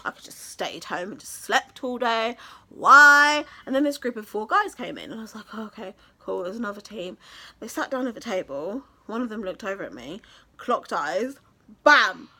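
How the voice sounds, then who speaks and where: A woman's voice: a little high, sing-song, normal speed, bright, forceful tone. A young woman from England, telling a story in a casual vlog, chatty and gushing with many fillers. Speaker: vlogger.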